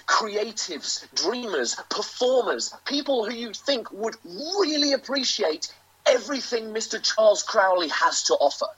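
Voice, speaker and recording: A British man, a professional wrestler, delivering a grandiose, self-aggrandizing in-character promo with theatrical pauses. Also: high-pitched, a bit bright, breathy edge. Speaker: professional wrestler, interview guest. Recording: lo-fi dull audio.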